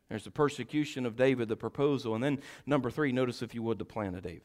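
A man preaching a sermon, swinging from shouted exhortation to quiet, folksy storytelling as he acts out Bible figures. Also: mid-range voice, quick pace, few pauses. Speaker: pastor.

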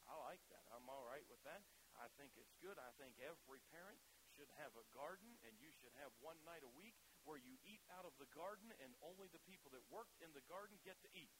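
A pastor preaching a sermon, emphatic and folksy, swinging from loud declarations to quiet conversational asides. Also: male voice, on the high side, lively intonation, quick pace, few pauses, noisy background. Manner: folksy and conversational, tells humorous anecdotes.

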